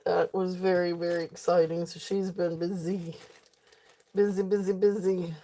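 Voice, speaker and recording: A woman's voice: fairly low pitch, little pitch movement, moderate pace, mellow. A woman hosting a live jewelry sale stream, chatting casually in a rambling way with frequent laughter. She sounds sleepy and keeps yawning.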